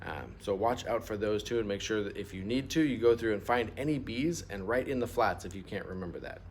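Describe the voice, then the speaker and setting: A man's voice: on the low side, brisk, darkish tone, slight background noise. A middle-aged man teaching a music lesson, patient and explaining step by step, asking students to repeat terms aloud. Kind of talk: instrument lesson walkthrough.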